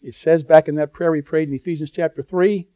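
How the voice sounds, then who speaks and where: A man's voice: on the high side, steady tone, fairly quick, mellow, no room sound. A man preaching a sermon in a conversational, earnest way, breaking into sudden bursts of emphasis and asides to the audience. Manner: talks straight to the audience with asides.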